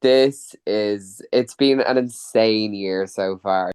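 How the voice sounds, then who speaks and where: A man's voice: on the low side, takes it slowly, a little mellow, clear, resonant tone. A man hosting a casual podcast, chatty and upbeat in a playful presenter tone. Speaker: podcast host.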